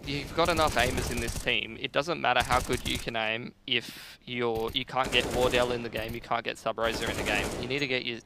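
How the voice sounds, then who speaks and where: A man with a gravelly voice giving measured, dry analysis of an esports match and dropping wry asides. Clear noise sits behind his voice. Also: mid-range voice. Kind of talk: esports colour commentary.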